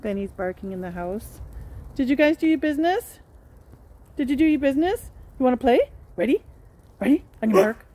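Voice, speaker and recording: A woman with a high, soft, mellow voice films her pets at home on a handheld phone. She coos at them in sing-song baby talk and bursts into gleeful cheers as they play. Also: big pitch swings, moderate pace, a little hiss or hum. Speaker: pet vlogger. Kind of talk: casual home vlog. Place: home with pets, partly outdoors in snow.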